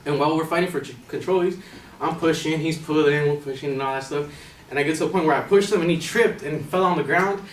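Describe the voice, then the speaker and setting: A man's voice: a little high, fast talker, far from the mic. Slangy young man telling a story, roomy. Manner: casual, animated, slangy, laughs along. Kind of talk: live personal storytelling. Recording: roomy hall from afar, faint noise.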